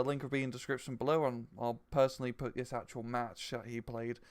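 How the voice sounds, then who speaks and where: A man's voice: mid-range voice, smooth. A man casting a strategy game replay with a co-host, chatty and upbeat as he breaks down the match. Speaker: game caster.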